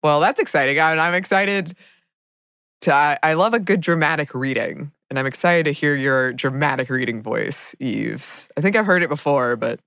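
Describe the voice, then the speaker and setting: Low-voiced woman hosting, bone-dry sound. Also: normal speed, a bit bright, clear, resonant tone, no room sound. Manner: enthusiastic, playful. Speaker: podcast host. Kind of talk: casual podcast chat.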